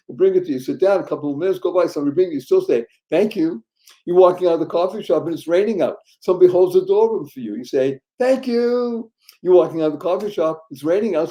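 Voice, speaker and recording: Fairly high voiced guy hosting a podcast, mellow tone, super animated, punchy loud bits. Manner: animated, playful wordplay, bursts of loud emphasis. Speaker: podcast host. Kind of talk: upbeat podcast chat.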